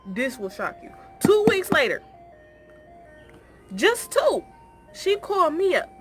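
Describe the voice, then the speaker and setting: A woman's voice: takes it slowly, faint music behind. A young woman, telling a story casually and acting out the dialogue. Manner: animated, acts out dialogue with rising pitch.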